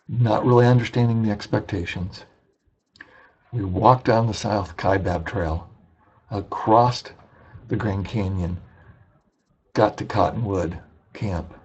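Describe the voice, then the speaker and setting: A man's voice: on the low side, darkish tone, breathy edge, lo-fi sound. A man lecturing for an online business course, telling a personal story in a conversational way and acting out the dialogue. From Indiana, USA. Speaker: business ethics instructor.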